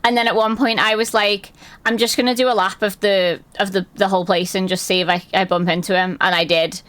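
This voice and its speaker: A woman chatting casually on a live stream, telling stories in a lively way and swearing and laughing often. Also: medium pitch, fairly quick.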